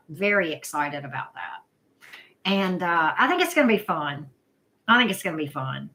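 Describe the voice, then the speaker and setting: A woman's voice: medium pitch, sharp tone. A woman hosting a casual live chat, greeting viewers by name, repeating herself with many fillers. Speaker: livestream host, tarot reader.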